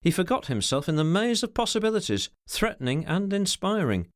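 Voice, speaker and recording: A man's voice: sits high, sing-song, a little fast, no echo, clean studio sound. A man reading an unabridged classic novel aloud as an audiobook narrator, telling the story expressively. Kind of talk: scripted narration.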